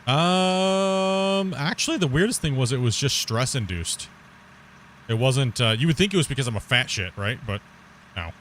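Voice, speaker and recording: A man's voice: medium pitch, expressive, normal speed, fairly bright tone, slight background noise. A man chatting casually while streaming live gameplay, rambling, laughing often and swearing casually.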